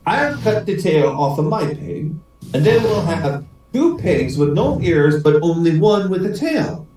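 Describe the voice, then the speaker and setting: A man voicing a calm easygoing Irish farmer in a put-on Irish accent, heard from far off in a roomy space. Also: on the high side, a little slow, faint music behind, pitched above the performer's own voice. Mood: placid.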